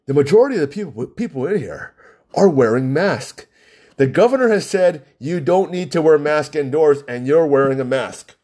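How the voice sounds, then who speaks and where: With a fairly high, darkish voice, a male commentator in Hawaii delivers a heated, casual political rant straight to camera, hammering words through repetition and tossing out rhetorical questions.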